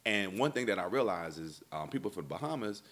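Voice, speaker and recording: A man's voice: fairly low pitch, brisk. A man, a comedian, telling a long comic travel story and acting out the people in it. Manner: animated, acts out dialogue in voices. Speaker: stand-up comedian.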